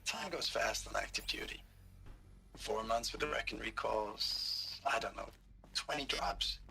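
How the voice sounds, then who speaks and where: Gravelly, bright soldier writing home. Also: male voice, medium pitch, measured pace, slight background noise, full character voice. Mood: upbeat. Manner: upbeat, chatty soldier banter. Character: adult male soldier recording a letter home. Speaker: game character in an audio log.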